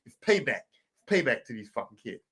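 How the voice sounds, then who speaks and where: A man in his forties hosting a podcast, telling a profane, animated comic rant that swings from loud bursts to low mutters. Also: fairly quick, slightly rough. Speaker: podcast host. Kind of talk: casual comedic rant.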